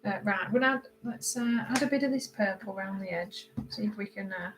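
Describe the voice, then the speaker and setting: A woman from Britain hosting a casual live stream while she colors, greeting viewers by name and answering their comments, her voice often drifting quieter as she concentrates. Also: mid-range voice, brisk, slight background noise, low-quality recording. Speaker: livestream host.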